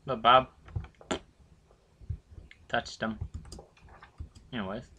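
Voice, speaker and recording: Teen boy doing horror gameplay commentary, crisp bright tone, curses a lot when scared. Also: medium pitch, fairly even intonation, drawn-out words, dull audio, slight background noise. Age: teens. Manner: jumpy, swears loudly when scared; rambling, chatty asides to viewers. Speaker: gaming channel host. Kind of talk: horror game let's play commentary.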